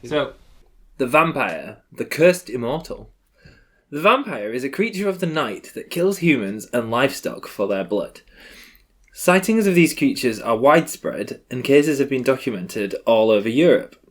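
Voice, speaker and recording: A man's voice: mid-range voice, sing-song, normal speed. A man playing a board game, chatting casually, laughing often and stumbling as he reads rules text aloud. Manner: giggly, stumbles while reading aloud. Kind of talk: casual gameplay chat.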